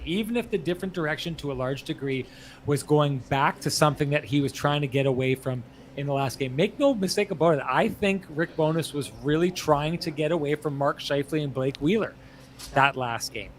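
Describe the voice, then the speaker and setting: A man's voice: fairly high pitch, slight background noise. A man co-hosting a hockey post-game show, talking casually with strong opinions and frequent laughter. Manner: animated, opinionated, laughs often. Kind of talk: casual sports talk. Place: bar.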